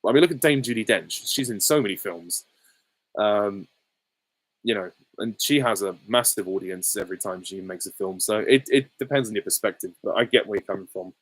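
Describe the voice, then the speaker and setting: A man's voice: on the low side, brisk, breathy edge, poor audio. A man chatting casually while he answers viewer questions, rambling with many fillers and restarts. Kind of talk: casual livestream Q&A chat.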